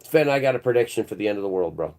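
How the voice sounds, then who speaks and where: A man's voice: on the low side, expressive, very fast, a little mellow. Rambling man ranting to his viewers. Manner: rambling, conspiratorial, keeps calling viewers "bro". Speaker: channel host. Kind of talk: rambling livestream commentary. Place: indoors.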